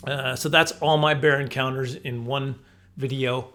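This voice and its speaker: A man's voice: mid-range voice, fairly even intonation, a little slow, pushed and bright. A man in his forties telling a rambling, self-correcting story to camera, laughing often. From Canada. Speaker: comedian vlogger.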